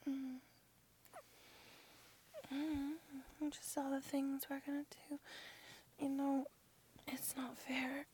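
A woman speaking in a breathy whisper, playing a lover in a whispered role-play with soft murmured hums. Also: sits high, flat delivery, extremely slow, long pauses, slight background noise. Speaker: girlfriend in an audio role-play.

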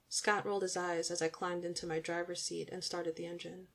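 A young woman narrating an intimate audiobook story in the first person, in an even, intimate storytelling manner. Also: lowish voice, a little fast, few pauses.

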